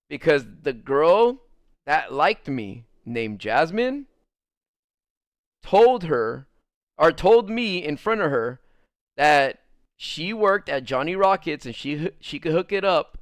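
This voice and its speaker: A young adult man livestreaming, telling a rambling story to his chat in a casual, animated way full of "like" fillers. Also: on the high side, takes it slowly, no room sound, studio quality.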